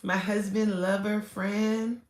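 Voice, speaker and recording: Casting: woman, live-stream host, casual and animated, quick laugh, mid-pitched voice with a roomy echo. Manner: chatty, animated, laughs often, swings from loud to soft. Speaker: livestream host chatting with viewers. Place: alone in her car.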